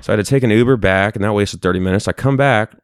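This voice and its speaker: Deep-voiced young man telling a story. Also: racing, clear, resonant tone, dry recording, studio quality. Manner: profane, animated storyteller with frequent restarts. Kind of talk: casual storytelling chat.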